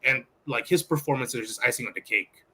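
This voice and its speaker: A man co-hosting a casual football podcast, excitable and rambling with lots of fillers. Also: mid-range voice, brisk, breathy edge. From outside the US. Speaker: podcast co-host. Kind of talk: casual sports chat.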